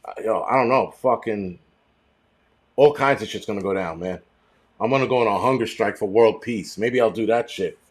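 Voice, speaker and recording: A man hosting a casual livestream chat, rambling and swearing freely with animated outbursts. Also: lowish voice, normal speed, slightly rough. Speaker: host.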